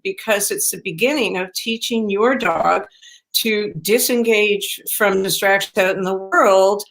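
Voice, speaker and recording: A woman's voice: medium pitch, fairly bright tone. A middle-aged woman dog trainer talking casually, with many ums and you-knows, now and then acting out what her dogs might say. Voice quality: chatty, many fillers, acts out dog voices. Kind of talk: casual chat.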